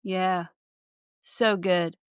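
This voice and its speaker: A woman's voice: lowish voice, steady tone, drawn-out words, smooth, dry recording, clean studio sound. A woman hosting a casual podcast chat, thinking aloud with lots of fillers and enthusiasm. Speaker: podcast host, therapist. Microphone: remote call.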